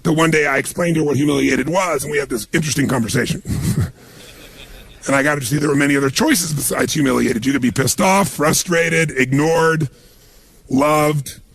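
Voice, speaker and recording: A man giving a motivational seminar talk to a live audience, telling stories with punchy, animated emphasis and a gravelly, raspy voice. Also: a little high, normal speed. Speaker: motivational speaker.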